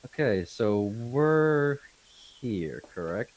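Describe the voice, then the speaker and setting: Male player, mid-pitch, eager and curious. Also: sing-song, drawn-out words, darkish tone. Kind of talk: casual tabletop game chat.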